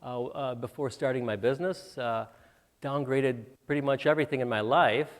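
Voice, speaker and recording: A man's voice: medium pitch, normal speed. A man from Michigan, a guest entrepreneur, telling stories from his life to students in a lecture, with many fillers and restarts. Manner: anecdotal, with frequent fillers and restarts. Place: university auditorium. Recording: reverberant auditorium.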